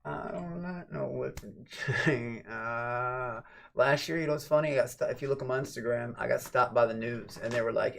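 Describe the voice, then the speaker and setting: A man livestreaming a late-night casual chat. He rambles and swears, and swings from low mumbles to loud, excited shouts. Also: fairly quick, vocal fry, slight background noise.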